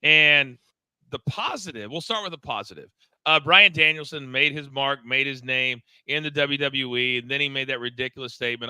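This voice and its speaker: Bright, animated middle-aged man storyteller. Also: mid-range voice, moderate pace, smooth, dry recording, rough recording. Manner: animated storyteller, stammers and repeats words. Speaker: podcast co-host, former wrestling coach. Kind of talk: casual wrestling talk-show chat.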